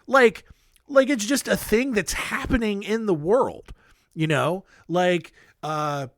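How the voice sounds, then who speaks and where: A man's voice: high voice, takes it slowly, fairly bright tone, dry recording, clean studio sound. A man hosting a podcast, telling history stories in a casual, rambling way with joking asides and lots of fillers. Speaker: podcast host. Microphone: studio microphone.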